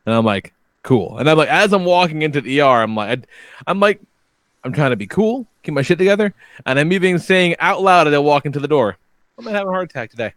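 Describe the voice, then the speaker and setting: A man in his thirties tells a story with a lively, swooping delivery and lots of cursing. He plays out every voice in the conversation himself, close on a dry mic with no room sound. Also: on the high side, fast, no room sound. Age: 30s. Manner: profane, animated storyteller acting out both sides of conversations. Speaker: podcast co-host. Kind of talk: casual chat, storytelling.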